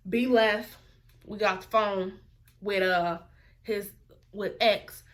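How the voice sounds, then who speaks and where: A woman's voice: mid-range voice, fairly even intonation, takes it slowly, fairly bright tone. A woman, telling a story in a casual vlog and mimicking other people's voices as she quotes them. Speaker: vlogger.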